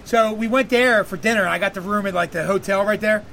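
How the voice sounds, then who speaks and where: A man's voice: sits high, fast talker, gravelly, bright, forceful tone, a little hiss or hum. A man hosting a podcast, telling a long profane story in a rambling casual way and laughing often. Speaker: podcast host.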